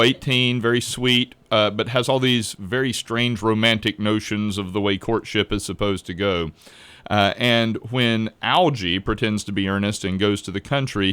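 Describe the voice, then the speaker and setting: A man's voice: on the low side, fairly bright tone, smooth, no echo. A man who directs a school play, explaining the story and his casting choices in a radio interview. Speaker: drama teacher and director.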